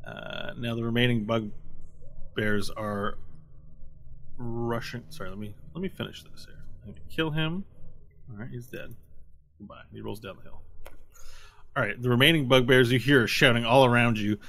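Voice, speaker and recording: A man's voice: medium pitch, normal speed, vocal fry, long pauses, a bit bright, no echo. A man narrating as game master of a tabletop game in a casual, easygoing way, with frequent fillers and easy laughter.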